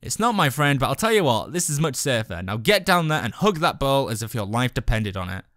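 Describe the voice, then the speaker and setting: A man voicing a laid-back young male friend who talks calmly and easily. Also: mid-range voice, a little fast, no echo, clean studio sound. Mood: easygoing.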